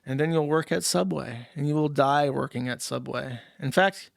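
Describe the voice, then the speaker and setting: A man hosting a livestream, reading paid chat messages and ranting in a crude, mocking way, sometimes jumping into squeaky put-on voices. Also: moderate pace, vocal fry, dry recording, studio quality. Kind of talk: casual crude livestream rant.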